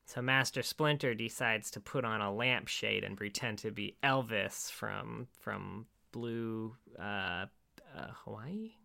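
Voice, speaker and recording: Gravelly, bright-voiced sarcastic man. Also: lowish voice, slow. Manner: sarcastic, laughs often. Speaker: podcast co-host. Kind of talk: casual chat.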